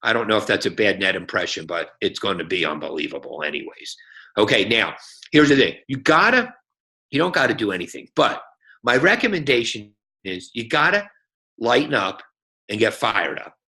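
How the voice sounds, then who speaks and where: A man as a guest speaker on a team phone call, giving an energetic, folksy sales pep talk and checking in with a frequent "okay?". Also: fairly low pitch, moderate pace.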